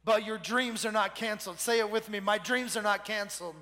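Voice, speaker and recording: A male pastor with a high, bright voice preaches with energy. He leads the congregation in call-and-response. His voice carries a long hall reverb. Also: brisk. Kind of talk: sermon.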